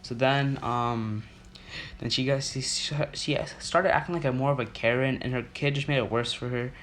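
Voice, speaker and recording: A man's voice: medium pitch, moderate pace, a bit bright. A young man telling a story about his school in a casual, rambling way, full of fillers and restarts.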